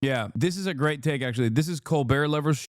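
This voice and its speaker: A man's voice: on the high side, quick pace, no echo, studio quality. A man in his thirties doing sarcastic, profane live-stream commentary, laughing often.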